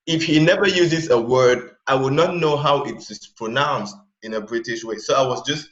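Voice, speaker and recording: A man from Cameroon, a guest in a casual interview, talking in an animated way with many fillers and restarts. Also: mid-range voice, moderate pace. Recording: roomy, dull lo-fi sound.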